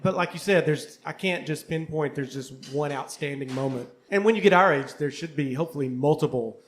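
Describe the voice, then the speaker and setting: A man's voice: fairly high pitch, a little fast, a little hiss or hum. A middle-aged man, a history teacher and musician, talking candidly and casually on a panel with many fillers. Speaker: co-host, history teacher and bassist. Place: coffeehouse before a live audience.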